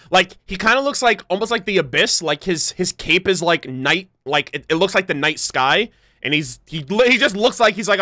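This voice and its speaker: Excitable high-voiced male gamer. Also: no room sound, studio quality. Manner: excitable, swears freely, rambling. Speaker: gaming reaction youtuber. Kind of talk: casual reaction commentary. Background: trailer music.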